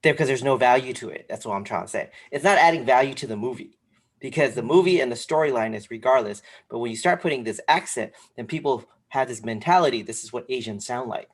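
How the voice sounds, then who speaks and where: A man's voice: medium pitch, fast. Give me a man co-hosting a casual podcast, talking animatedly and rambling. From came to this country when young. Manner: animated, rambling, many fillers. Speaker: podcast co-host. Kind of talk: casual sneaker podcast chat.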